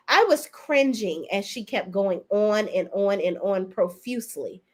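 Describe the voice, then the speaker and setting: A woman's voice: medium pitch, normal speed, hardly any pauses. Sassy, blunt woman podcast host. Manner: sassy, animated, blunt, slangy. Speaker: podcast host reviewing reality TV. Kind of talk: casual opinionated recap commentary.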